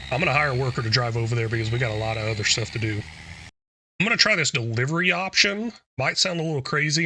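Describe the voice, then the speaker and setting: A young man casually commenting on his own gameplay, relaxed and chatty, thinking aloud as he plays. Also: medium pitch. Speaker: gaming YouTuber.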